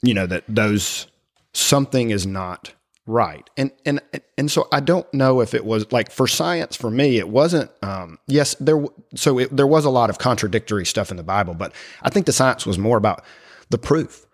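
A middle-aged man sharing his personal faith story in conversation, speaking haltingly with many fillers and restarts. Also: medium pitch, expressive. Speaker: guest.

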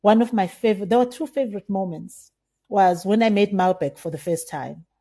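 South African woman telling lively stories, mellow. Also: mid-range voice, fairly quick, husky. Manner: animated, acts out remembered dialogue with laughs. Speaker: winemaker, guest. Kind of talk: casual interview storytelling.

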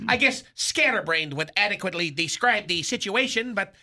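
A long-winded, pompous lovesick fellow, as a man puts him on for a radio comedy sketch. The tone is strikingly bright and thin, and he piles up fancy words with deadpan self-importance. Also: high-pitched, moderate pace, full character voice. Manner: flowery, overblown vocabulary, deadpan bragging. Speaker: recurring comedy character.

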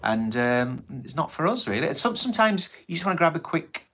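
A man co-hosting a casual live show, often halting to search for words. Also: fairly high pitch, big pitch swings, fairly bright tone. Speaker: podcast co-host. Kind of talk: casual live-stream chat.

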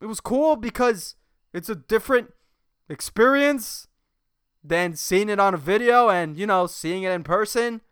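A man plays an unemployed bystander caught on camera who stumbles through his answer and trails off. His pitch jumps around and his tone is bright and clear. The sound is dry and close. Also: lively intonation, unhurried, dry recording. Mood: flustered. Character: flustered unemployed man interviewed on TV.

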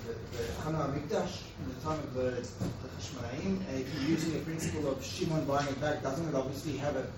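A man asking the teacher a question in class, halting and hesitant, stumbling over fillers and repeated words. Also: mid-range voice. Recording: echoey room, distant from the mic, with noise.

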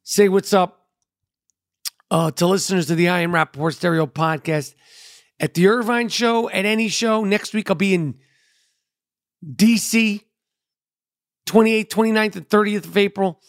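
A man's voice: high-pitched, measured pace, pauses often, no room sound, clean studio sound. Profane, rambling New man. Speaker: podcast host. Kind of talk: casual monologue.

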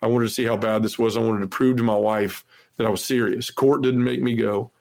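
Flat-voiced man telling his story. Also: medium pitch, fairly quick, vocal fry. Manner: earnest, heavy use of "you know"; acts out quoted dialogue. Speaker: podcast guest. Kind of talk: personal testimony storytelling.

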